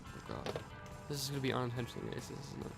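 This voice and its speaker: A man's voice: medium pitch, huge pitch swings, rapid-fire, gravelly, over music. A young American man with an American accent, rambling through casual let's-play commentary, stumbling over words and swearing. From United States. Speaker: gaming YouTuber.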